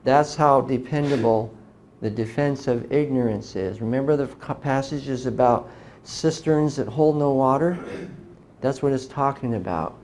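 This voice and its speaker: A man's voice: mid-range voice, measured pace, a little mellow, a little hiss or hum. A middle-aged man giving an emphatic lecture to a live audience, often asking rhetorical questions. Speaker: speaker lecturing on religion.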